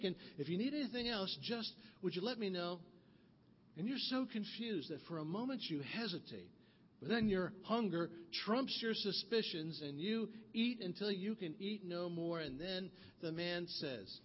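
A man preaching a sermon, telling a story in the second person and acting out the voices of the people in it. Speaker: pastor. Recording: muffled audio with long hall reverb and faint rumble.

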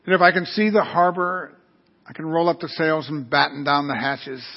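A man's voice: fairly high pitch, fairly even intonation, moderate pace. A man preaching an earnest, storytelling sermon. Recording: dull lo-fi recording.

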